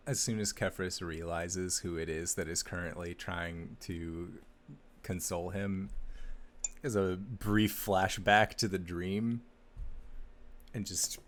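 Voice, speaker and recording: A man with a very deep voice describes his character in a tabletop game. He speaks quietly and subdued, with a faint hiss of room ambience behind him. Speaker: player. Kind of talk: tabletop role-play.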